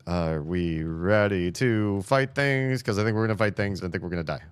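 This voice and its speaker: A man playing a video game and commenting as he goes, excitable and jokey, reading in-game emails aloud. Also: deep voice, normal speed, clean tone, no echo, soft background music. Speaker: gaming streamer. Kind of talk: let's play commentary.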